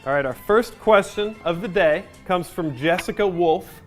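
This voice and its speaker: A man hosting, reading a question and giving a deadpan, overly earnest answer. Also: high voice, moderate pace, soft background music. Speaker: host. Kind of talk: mock-serious answer.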